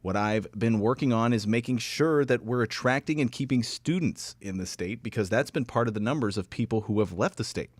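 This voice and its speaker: A man delivers political news on a podcast in a steady, measured way, reading a quote aloud. The recording is dry and close, with no room sound. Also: lowish voice, no room sound. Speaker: podcast co-host. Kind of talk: casual political chat.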